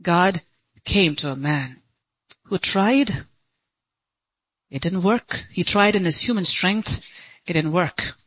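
Woman preacher, fervent sermon, crying out high then going quiet, dry close sound. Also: slow pace, pauses often, husky, no room sound, rough recording. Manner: impassioned, swinging between high pleading cries and low hushed lines; laughs between lines. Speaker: pastor.

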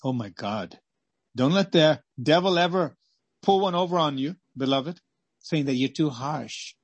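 A man preaching a sermon and reading scripture aloud, swinging between loud exclamations and hushed pleading. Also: a little high, expressive, a little slow, slightly rough, dry recording.

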